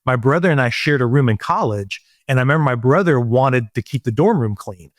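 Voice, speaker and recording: A middle-aged man co-hosting a parenting podcast, telling stories in a lively way with frequent restarts. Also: medium pitch, a little fast, dry recording, clean studio sound. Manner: animated storyteller with many restarts. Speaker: podcast co-host. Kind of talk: casual chat.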